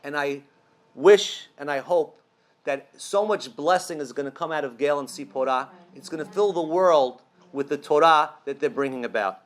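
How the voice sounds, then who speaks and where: High-voiced man telling a story. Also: normal speed. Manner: animated storyteller, rhetorical questions. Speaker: speaker at a Passover event. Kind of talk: storytelling speech to a live audience. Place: room with an audience.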